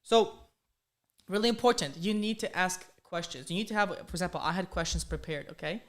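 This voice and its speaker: This high-voiced man speaks briskly in a fairly bright tone with a slight foreign accent. As a career coach for coders running a live training stream, he keeps things upbeat and repetitive, frequently asking "okay?" or "right?".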